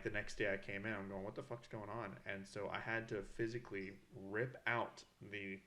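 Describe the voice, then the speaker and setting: Young guy on a podcast, kinda low voice, swears a lot while he tells a story. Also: a bit bright. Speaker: podcast co-host. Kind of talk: casual chat.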